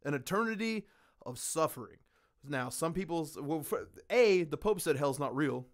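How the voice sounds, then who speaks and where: A man hosting a podcast in casual chat, ranting with lots of swearing and animated storytelling. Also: a little high, normal speed. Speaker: podcast host.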